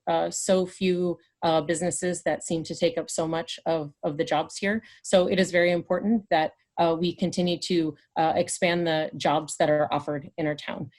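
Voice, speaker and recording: A woman's voice: fairly low pitch, little pitch movement, moderate pace, darkish tone. A woman running for city council, answering on a video call in a hesitant way full of fillers. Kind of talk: candidate forum answer.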